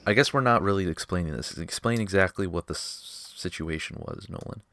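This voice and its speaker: A man's voice: sits low, brisk, a bit bright, slight background noise. A young man hosting a casual podcast chat, argumentative, swearing a lot and pushing his questions. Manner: argumentative, swears often, voice jumps up when worked up. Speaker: podcast host.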